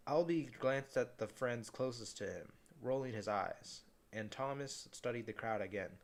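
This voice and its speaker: A man's voice: mid-range voice, expressive, a little slow, hardly any pauses. A man reading a novel aloud in a casual way, often stumbling and restarting words.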